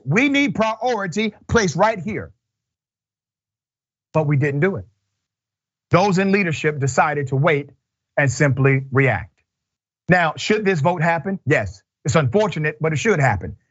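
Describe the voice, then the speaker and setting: A man's voice: a little high, dull audio. A man hosting political commentary, reading news items aloud and then reacting with emphatic, impassioned arguments and rhetorical questions.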